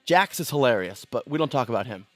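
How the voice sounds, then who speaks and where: A man's voice: medium pitch, lively intonation, fast talker, a bit bright, no room sound, faint music behind. A man hosting a casual gaming podcast, playful and prone to hammy announcer bits. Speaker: podcast host. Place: gaming venue.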